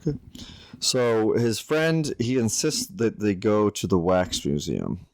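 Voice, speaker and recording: A young adult man co-hosting a podcast, recapping a film in a dry, deadpan way. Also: on the low side, slow pace, no room sound. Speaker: podcast co-host. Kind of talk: casual chat, recapping a film.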